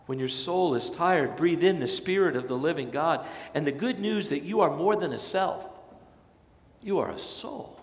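A man preaching a sermon as pastor, swelling to loud emphatic peaks and dropping soft again, with folksy storytelling asides. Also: on the high side, moderate pace. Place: church sanctuary. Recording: long church reverb.

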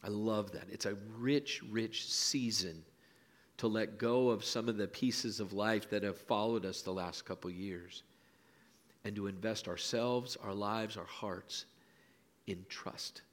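A pastor preaching a sermon in a church, telling folksy stories and dropping to hushed lines for emphasis. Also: male voice, lowish voice, unhurried. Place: church sanctuary.

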